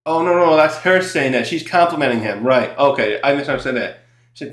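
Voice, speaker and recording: In a roomy, echoing recording, a man with a medium-pitched, expressive, slightly bright voice talks fairly quickly while reviewing a comic chapter. He rambles casually with many fillers and self-corrections, chuckling often as he recaps.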